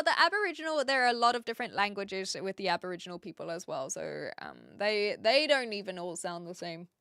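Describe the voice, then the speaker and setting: Woman, New Zealand accent, live-stream chatter, clear smooth voice, dry close sound. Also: mid-range voice, pushed and bright, no echo. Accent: educated New Zealand. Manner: rambling, searches for words, reads chat aloud. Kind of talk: casual live-stream chat with viewers.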